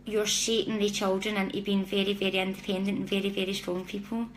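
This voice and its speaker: A woman's voice: medium pitch, flat delivery, fast, a little hiss or hum. A woman hosting a live-stream psychic reading, talking chattily and apologetically straight to her viewers. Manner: chatty, warm-hearted, apologetic, speaks directly to viewers. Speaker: psychic reader.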